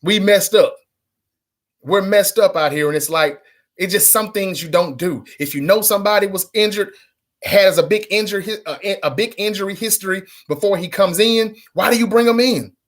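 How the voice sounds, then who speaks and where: Ranting bluntly to camera on his sports fan channel, a man with a high voice vents his frustration at a normal speed, swearing and repeating himself in a casual fan rant.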